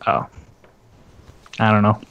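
A man's voice: slow pace, fairly bright tone, muffled recording. A man co-hosting a casual podcast about tabletop games, talking in a rambling, hesitant way with many fillers. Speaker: podcast co-host.

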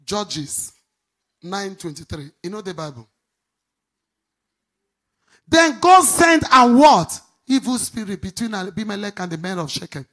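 A husky-voiced middle-aged woman preaches a sermon. She rises into loud, fast bursts and then drops into low, confiding asides. Her pitch sits in an ordinary middle range for a woman. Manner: animated preaching, swinging between shouts and low asides. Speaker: pastor.

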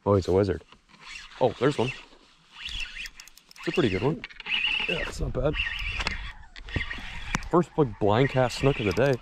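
A young man vlogging from a fishing boat outdoors, excited and slangy, laughing often as he talks. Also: mid-range voice, unhurried, pauses often, noisy background. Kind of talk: excited outdoor vlog chat. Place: boat on open water outdoors.

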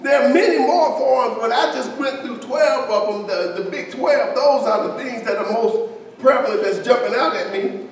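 A pastor preaching a sermon in a conversational way, with joking asides to the congregation. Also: male voice, very high-pitched, moderate pace. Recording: echoey hall, distant mic, faint hiss.

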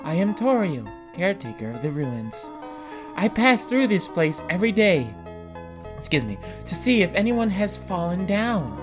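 A kind, motherly goat caretaker, voiced by a man in a video game. She speaks softly and formally in a soothing, lilting voice, over faint background music. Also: high-pitched, big pitch swings, moderate pace. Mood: tender.

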